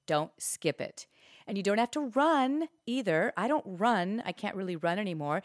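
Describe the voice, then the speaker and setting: A woman's voice: mid-range voice, expressive, moderate pace, dry recording. Dry, close-miked woman coaching listeners. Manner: upbeat, emphatic coaching. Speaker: fitness podcast host. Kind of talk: casual instructional talk.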